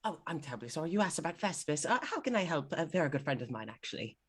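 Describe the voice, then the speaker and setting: Woman doing a fussy polite dad in a tabletop game, low voice, bounces around a lot. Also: very animated, fast talker, husky, heavily acted. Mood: courteous. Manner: ornate politeness, apologetic. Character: gracious, flustered middle-aged father. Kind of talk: voicing a character in a tabletop game.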